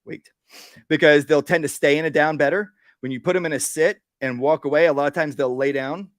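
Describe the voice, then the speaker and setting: A man, a dog trainer, giving a live workshop demonstration. He explains each step plainly, often checks in with "right?", and breaks off to give short, calm commands to a dog. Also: on the high side, brisk, no echo, clean studio sound.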